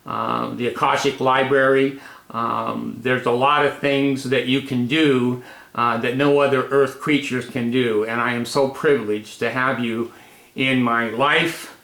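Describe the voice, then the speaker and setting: A man's voice: medium pitch, creaky, pushed and bright, reverberant, poor audio. A man in his eighties hosting a casual home video, rambling affectionately with many fillers. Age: 80s. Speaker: host.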